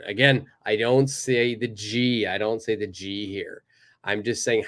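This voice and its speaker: Man, English teacher running a live online class from his computer, upbeat and encouraging, drills phrases slowly. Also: lowish voice, fairly even intonation, fairly bright tone.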